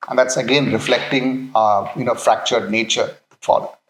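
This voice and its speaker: Halting man giving a faith talk. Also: mid-range voice, fairly even intonation, a bit bright, echoey room, poor audio. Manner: halting, many fillers and restarts, checks in with "okay". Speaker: Christian speaker.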